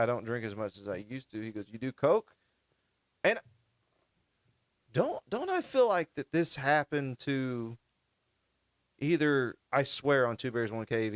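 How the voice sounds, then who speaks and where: A man co-hosting a podcast chats casually, telling long stories in a rambling way and restarting often. His voice is mid-range, with no room sound in the recording.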